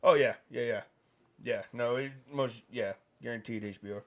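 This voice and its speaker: A man's voice: medium pitch, moderate pace. A man hosting a livestream, telling a meandering anecdote in casual chat. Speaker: livestream host.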